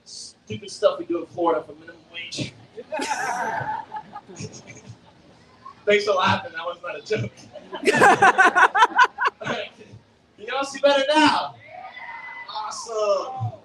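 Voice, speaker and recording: A man's voice: sits high, normal speed, heavy background noise. A young man presenting a live alligator show outdoors, joking with and quizzing the crowd, filmed from the audience. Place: outdoor alligator show arena at a theme park. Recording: distant, echoey, faint outdoor ambience.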